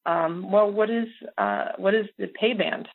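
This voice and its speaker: A middle-aged American woman telling a story as a podcast guest, animated and laughing often. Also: medium pitch, measured pace, gravelly. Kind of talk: casual storytelling interview. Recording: phone-like audio.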